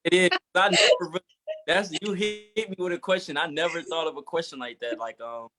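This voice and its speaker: A man's voice: a little high, a little fast. A man from Georgia in the US, a musician answering interview questions hesitantly with many fillers. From Georgia, USA. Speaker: musician guest. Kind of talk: casual interview.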